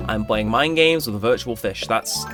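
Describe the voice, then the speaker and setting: A young man casually commenting on his gameplay, chatty and joking, now and then jumping into high-pitched exclamations. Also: normal speed. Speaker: gaming channel host. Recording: game music playing behind. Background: game music.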